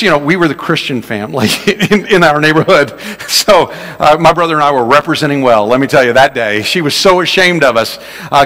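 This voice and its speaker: A man preaching a sermon as pastor, telling a story in an animated way and acting out shouts in a raised voice. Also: in a large hall. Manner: animated, acts out shouts and quotes in a high voice.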